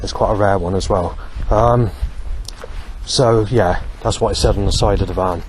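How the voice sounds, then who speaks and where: A man with a fairly low voice rambles on as he walks along a street, stringing thoughts together with lots of ums. Faint outdoor ambience sits behind him. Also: steady tone, normal speed, darkish tone, slight background noise. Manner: rambling, with many fillers. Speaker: vlogger. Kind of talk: walking monologue.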